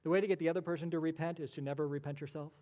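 A male pastor preaching with a somewhat high voice that rings out into a long hall reverb. He presses his points through rhetorical questions and slips in dry, sarcastic asides. It sounds like a church sanctuary. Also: fairly even intonation, very fast, darkish tone, lo-fi sound. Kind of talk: sermon.

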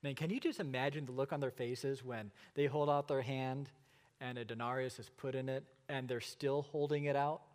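A middle-aged male pastor preaching a sermon, asking rhetorical questions and pausing for effect. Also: mid-range voice, steady tone, darkish tone, long reverb tail. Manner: expository preaching with rhetorical questions and dramatic pauses.

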